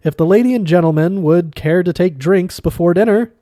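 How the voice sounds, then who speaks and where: A man's voice: sits high, a little fast, warm tone, no room sound, clean studio sound, voice pushed up, natural voice. Man doing a prim little green alien waiter. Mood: prim politeness. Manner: prim, over-polite, clipped. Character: small wizened green alien waiter, polite turning sarcastic.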